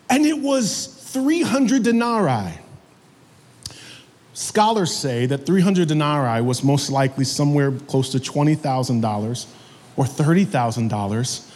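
A man preaching a sermon as pastor, animated and calling out to the congregation for amens. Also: fairly high pitch, measured pace, big-room sound. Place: church sanctuary.

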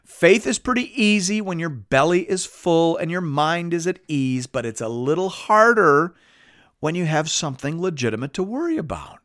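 A man preaching, reading a Bible passage aloud and stopping to explain it in a measured, teaching way. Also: a little high, sing-song, a bit bright, no echo, studio quality. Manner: measured, explanatory, reads scripture aloud with emphasis.

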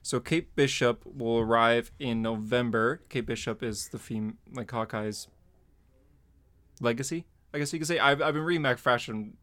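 A man's voice: mid-range voice, moderate pace, fairly bright tone. A man hosting a casual podcast, rambling through news with lots of fillers and little laughs. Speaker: podcast host. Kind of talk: casual chat.

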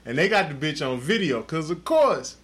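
A man with a high voice tells the story with crude, profane gusto. His pitch leaps all over the place as he goes, and he sounds loose and animated on an unscripted podcast. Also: normal speed. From Texas. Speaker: podcast host. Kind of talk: casual chat, storytelling.

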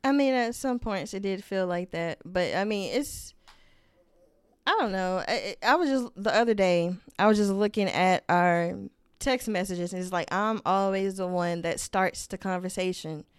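A woman's voice: mid-range voice, moderate pace, clear, resonant tone, no room sound, studio quality. A young woman co-hosting a casual podcast, talking hesitantly about a one-sided friendship, often trailing off and restarting. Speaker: podcast co-host. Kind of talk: casual advice chat.

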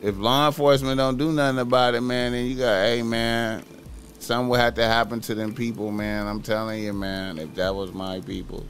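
Guy rambling on his stream, swears a lot, keeps saying filler stuff, mid-pitched, soft music under him. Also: level tone, brisk. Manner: rambling, repeats filler words, profane. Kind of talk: casual livestream monologue.

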